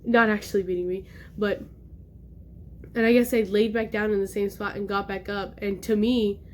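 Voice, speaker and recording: A young woman vlogger telling a personal story in casual talk, animated and acting out the voices she quotes. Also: mid-range voice, normal speed, a little hiss or hum.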